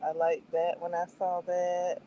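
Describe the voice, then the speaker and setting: A woman's voice: lowish voice, monotone, measured pace, mellow, slight background noise, low-quality recording. A woman chatting casually on her livestream, taking her time with each thought. She laughs often and acts out her own reactions, then drifts through fillers as she gathers what to say next. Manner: meandering with many fillers. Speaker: livestream host reviewing a show. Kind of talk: casual chat.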